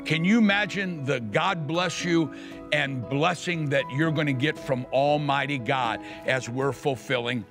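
A man's voice: medium pitch, moderate pace, hardly any pauses, music in the background. A man pastor preaching fervently on a televised sermon and leading a prayer.

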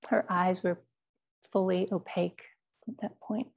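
A woman Zen teacher telling a personal story in a dharma talk, speaking in a quiet, measured, halting way. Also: on the low side, fairly even intonation, vocal fry, lo-fi sound.

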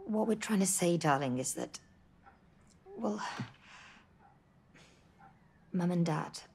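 An actress playing a stressed, overworked young mother in a video game cutscene, brisk and exasperated. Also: on the low side, animated, darkish tone, slight background noise. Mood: gentle.

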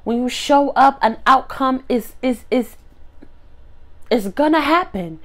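A woman's voice: high-pitched, expressive, slow pace, a bit bright. A woman speaking to her phone camera, near tears, giving a heartfelt faith-based motivational talk with repeated preacher-like builds. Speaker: motivational vlogger.

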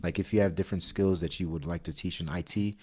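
A man talking as a podcast guest in a relaxed, casual way, with lots of fillers. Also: low-pitched. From Sierra Leone. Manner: relaxed, filler-heavy, spells things out slowly. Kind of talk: casual interview talk.

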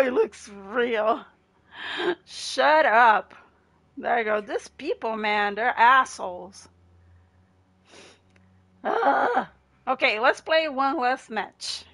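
A woman streaming a horror game live, yelling and swearing at her teammates and chatting with viewers. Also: fairly high pitch. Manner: excitable, swears and yells at other players; talks to chat between rounds. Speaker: gaming livestreamer. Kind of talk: live gameplay commentary.

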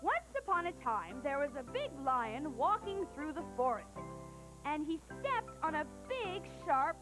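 A woman hosting a children's storybook show, talking in a bubbly, excited, sing-song way. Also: high-pitched, a little slow, over music.

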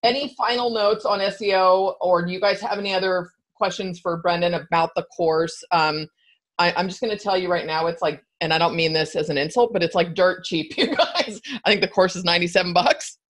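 A woman hosting a podcast in a casual conversation, chatty and quick to laugh. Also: on the low side. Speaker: podcast host.

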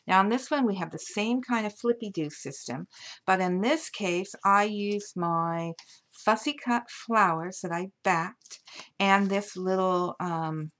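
This craft tutorial features a paper craft designer whose voice sits at medium pitch with a fairly bright tone. She's got hiccups while she chattily shows off her handmade paper album, enthusing over the materials page after page.

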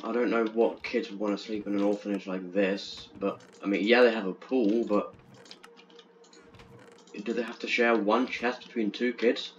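A young man commenting on a horror game as he plays, chatty and jumpy, stammering when he gets excited. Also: fairly low pitch, moderate pace. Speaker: gaming channel host. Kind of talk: let's play commentary. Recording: dull lo-fi with faint hiss.

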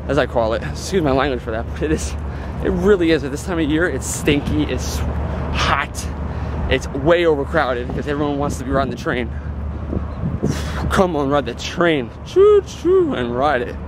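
A man chatting to camera in an animated, sarcastic, joking rant. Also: medium pitch, fairly quick. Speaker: vlog co-host. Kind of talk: casual chat to camera. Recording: loud background noise.

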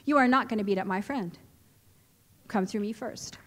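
A woman's voice: medium pitch, moderate pace, natural voice. A woman voicing a tough, protective teenage girl who speaks bossily and firmly, in an echoey hall. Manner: bossy, firm.

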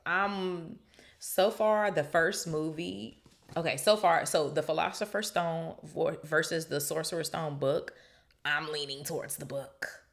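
Gravelly low-voiced woman reading aloud. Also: unhurried. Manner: chatty, animated asides. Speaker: podcast host reading a book aloud. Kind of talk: reading aloud with casual commentary.

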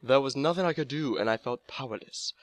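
A man's voice: medium pitch, fairly quick, slight background noise, natural voice. A man voicing an elderly, formal and sorrowful male butler, reading a letter aloud. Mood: solemn.

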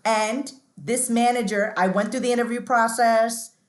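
Chatty higher-voiced woman in echoey room. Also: fairly even intonation, normal speed. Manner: chatty, restarts often, says "like" a lot. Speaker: podcast guest. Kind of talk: candid interview storytelling.

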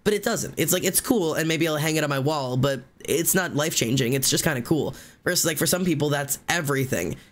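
A man streaming live, telling a long story in casual chat, rambling and fast with many fillers and restarts. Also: a little high, fairly bright tone.

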